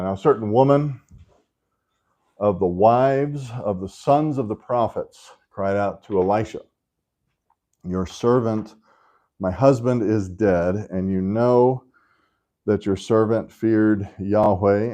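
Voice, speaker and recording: Slow and mellow, with a fairly low-pitched voice, a man teaches Sunday school in a relaxed, chatty manner, often pausing on "right?" and slipping in joking asides.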